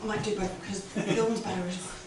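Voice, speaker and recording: A woman's voice: medium pitch, level tone, very fast. A woman doing a cheeky, crude, self-deprecating stand-up set in a comedy club. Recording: echoey club from far off, noisy.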